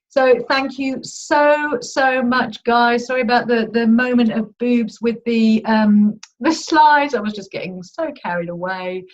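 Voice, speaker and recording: A woman coach leading a live online masterclass in a chatty, upbeat, informal manner. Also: mid-range voice. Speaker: money mindset coach. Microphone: video call. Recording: dull lo-fi video call audio.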